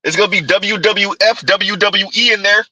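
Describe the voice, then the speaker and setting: Bright mocking male commentator. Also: high voice, steady tone, normal speed, no room sound, low-quality recording. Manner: mocking, keeps asking "Huh?". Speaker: commentary host. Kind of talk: reaction commentary.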